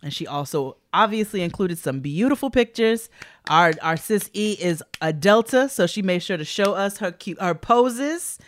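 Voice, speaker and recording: A woman's voice: lowish voice, animated, moderate pace, a little hiss or hum. A woman co-hosting a podcast, reading listener letters aloud in an upbeat, playful way and hyping up the listeners. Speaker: podcast co-host.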